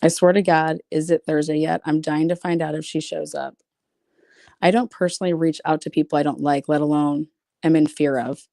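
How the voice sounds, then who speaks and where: A woman's voice: low-pitched, fairly even intonation, fairly quick, vocal fry, mellow, no echo, studio quality. Blunt, profane woman reading messages. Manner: reads messages aloud with asides. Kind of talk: casual livestream commentary.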